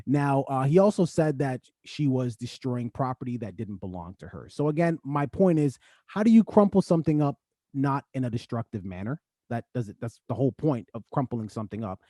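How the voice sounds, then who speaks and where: Animated man in a dry, close room. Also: mid-range voice, brisk, dry recording. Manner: animated, rising to excited outbursts. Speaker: podcast co-host. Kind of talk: casual podcast discussion.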